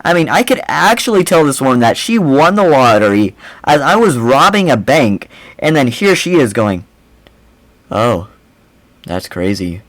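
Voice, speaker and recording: Young man mocking a clip, lively voice. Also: a little high, moderate pace, dry recording, rough recording. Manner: mocking, animated, rambling with repeated "I mean, seriously". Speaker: reaction video host. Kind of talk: casual reaction commentary.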